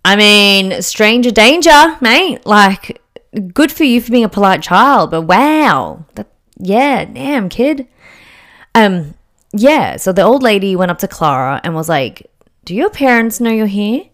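A woman's voice: medium pitch, big pitch swings, slow, a bit bright. A young woman telling a story casually, chatty and full of fillers and jokey asides.

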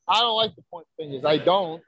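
A man's voice: on the high side, animated, a little fast, fairly bright tone, lo-fi sound. A man, a wrestler telling brash, profane stories in a casual podcast chat. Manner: brash, profane, boastful storytelling. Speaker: wrestler guest.

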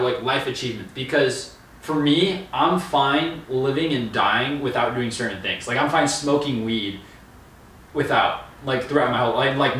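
A man's voice: mid-range voice, a bit bright, a little hiss or hum. A young man co-hosting a casual podcast chat, hesitant with many fillers and restarts. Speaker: podcast co-host. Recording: echoey room, far from mic.

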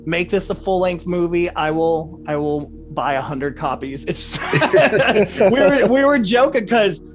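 Upbeat male podcast co-host, effusive and quick to laugh, a bit high-pitched. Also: animated, soft background music. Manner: enthusiastic, effusive praise, laughs often. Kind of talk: casual interview chat.

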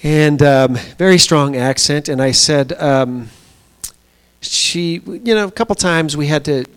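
A man giving a sermon at a small church, telling a story conversationally with pauses and fillers. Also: fairly high pitch, clear, resonant tone. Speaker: pastor.

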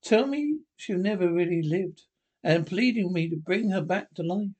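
A man's voice: high-pitched, normal speed, a little mellow. A man reading a frail frightened young woman.

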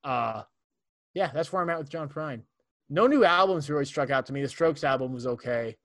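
A man's voice: fairly high pitch, animated, fairly quick. A young man co-hosting a podcast, joking and teasing in casual chat. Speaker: podcast co-host.

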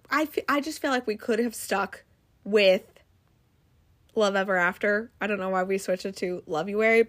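A young woman recapping a movie in a chatty, rambling way, laughing often and restarting her sentences. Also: mid-range voice. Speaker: movie review vlogger. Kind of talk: casual chat recapping a movie.

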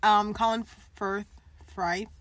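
A young woman co-hosting a podcast, chatting casually and animatedly, rambling and quick to laugh. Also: mid-range voice, steady tone. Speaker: podcast co-host. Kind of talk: casual chat.

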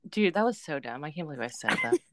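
A young woman co-hosting a podcast, chatting casually, asking curious questions and reacting with quick exclamations. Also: low-pitched, very animated, a bit bright. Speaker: podcast co-host. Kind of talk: casual chat.

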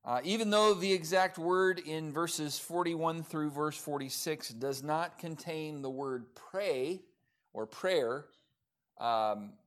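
A man preaching a sermon at a church service, talking in a conversational way with many fillers and restarts. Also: on the high side. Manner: conversational, many fillers, self-described sarcastic. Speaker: pastor. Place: church in Oklahoma.

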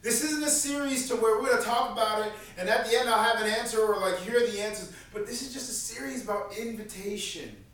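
A man's voice: high-pitched, fast, hardly any pauses, a bit bright. A man preaching a sermon as pastor, in an earnest, conversational way, repeating key lines for emphasis. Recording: very echoey room, mic at a distance.

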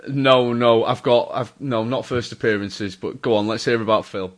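A man's voice: mid-range voice, steady tone, normal speed. A man hosting a casual chat, enthusiastic and prompting his guest.

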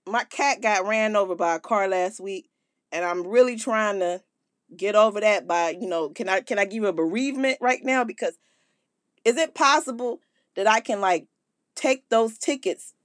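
A woman voicing a laid-back young woman calling in to a radio show, talking in a slow slangy drawl and bargaining her way out of things. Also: medium pitch, no room sound, clean studio sound, pitched below the performer's own voice, lightly acted.

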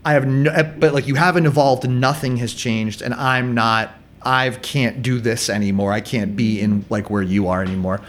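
A man's voice: medium pitch, level tone, moderate pace, hardly any pauses. A man in his thirties in a casual podcast chat, candid and self-deprecating, often restarting his sentences.

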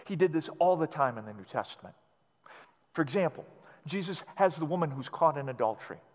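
A man preaching a sermon as pastor, emphatic and repetitive, letting phrases sink to a quiet, low finish. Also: expressive, brisk. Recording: long hall reverb.

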